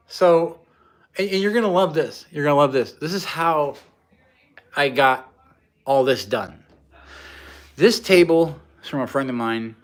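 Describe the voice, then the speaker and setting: Rambling man chatting on a livestream. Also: fairly high pitch. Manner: rambling, frank, laughs at himself. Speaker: livestream host, maker. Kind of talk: casual livestream chat. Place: home garage workshop.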